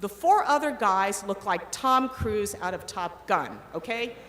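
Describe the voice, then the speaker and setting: A middle-aged woman giving a commencement speech, telling an animated story and acting out the quoted voices. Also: mid-range voice, a little slow. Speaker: commencement speaker. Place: large ceremony hall. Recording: echoey hall with long reverb, faint ambience.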